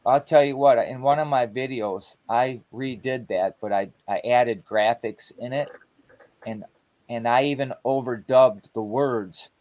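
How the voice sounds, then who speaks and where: A man chatting on a livestream, telling animated stories in a loose, slangy way. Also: medium pitch, measured pace, muffled recording. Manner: animated storytelling, conversational slang. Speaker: guest on a livestream. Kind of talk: casual chat.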